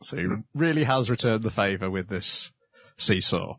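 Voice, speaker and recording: A man in casual conversation, calmly retelling the events of a cartoon episode. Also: lowish voice, normal speed, dry recording, clean studio sound. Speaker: podcast co-host. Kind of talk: casual chat recapping an anime episode.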